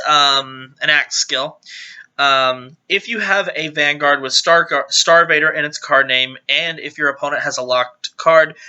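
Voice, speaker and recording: Bright-voiced man talking through a card deck. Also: on the high side, smooth. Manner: rambling, self-correcting explanation. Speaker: card game deck reviewer. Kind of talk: casual deck profile talk.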